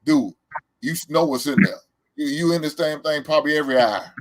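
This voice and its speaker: A man's voice: a little high, brisk, no room sound, rough recording. A man in his forties hosting a podcast, chatting casually in a laid-back, repetitive storytelling way with lots of fillers. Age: 40s. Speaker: podcast host. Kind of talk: casual chat.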